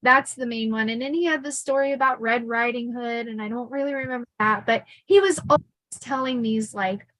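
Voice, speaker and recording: Telling her life story on her podcast, the middle-aged woman is chatty and laughs a lot, restarting sentences and using many fillers. Her voice is a little high, brisk and fairly bright, with no room sound and poor audio quality.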